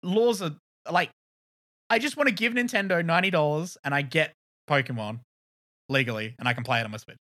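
A young South Australian man with a bright, slightly high voice, chatting casually as a podcast co-host. He rambles from one point to the next, laughs easily and swears offhandedly. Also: fairly quick, long pauses. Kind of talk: casual chat.

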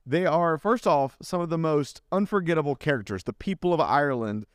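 A man's voice: on the high side, lively intonation, brisk, smooth, no echo, clean studio sound. A man co-hosting a podcast, chatting casually and telling travel stories with enthusiasm, sometimes stumbling and repeating words. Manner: enthusiastic storyteller, repeats words when searching. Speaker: podcast co-host. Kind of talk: casual chat.

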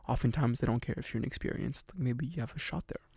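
A man's voice: mid-range voice, quick pace, creaky, darkish tone, slightly rough, no room sound. A man voicing a helpful, chatty woman who gives directions. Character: helpful adult woman at a bar.

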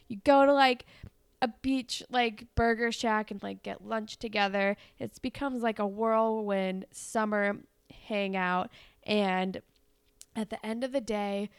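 A woman's voice: mid-range voice, clear, resonant tone, dry recording, studio quality. A young woman co-hosting a podcast, chatting casually and telling a breezy fan fiction story with giggles and lots of "like". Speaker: podcast co-host.

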